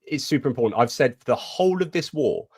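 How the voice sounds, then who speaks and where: A man's voice: mid-range voice, animated, fast, a little mellow, slightly rough, dry recording, studio quality. A man co-hosting a casual live stream, chatting about the news and reading out viewer comments.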